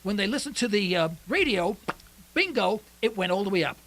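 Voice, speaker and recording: A male talk radio host with a high, lively voice that jumps around in pitch. He rambles through his points, restarting sentences as he goes, and his tone rings bright and sharp. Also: fairly quick, low-quality recording. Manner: rambling, animated, with many restarts. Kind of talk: opinionated radio chat.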